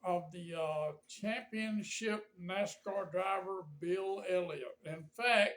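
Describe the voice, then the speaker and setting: A man's voice: sits high, slow pace, fairly bright tone. Older man, folksy and rambling. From Georgia, USA. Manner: folksy, rambling, with frequent fillers and restarts. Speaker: pastor. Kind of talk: casual reminiscing monologue to camera.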